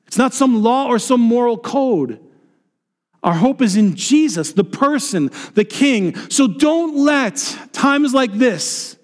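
A man delivers a passionate sermon in a fairly high voice. He swings between fervent declarations and hushed, low emphasis. The sound carries a long hall reverb. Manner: impassioned preaching, drops to soft low tones for emphasis. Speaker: pastor.

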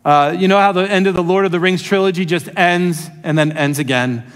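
A man preaching a sermon, telling a story in an animated way and acting out quotes. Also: high-pitched, fairly quick, clean tone, big-room sound. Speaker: pastor.

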